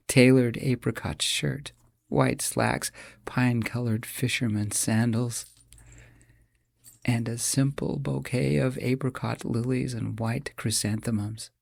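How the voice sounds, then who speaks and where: Gravelly male audiobook narrator. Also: mid-range voice, a little mellow, no room sound. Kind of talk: first-person audiobook narration.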